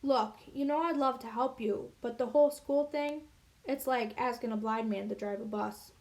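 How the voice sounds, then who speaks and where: A woman's voice: on the high side, moderate pace, natural voice. A woman reading as a joking teenage big brother. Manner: folksy, self-mocking.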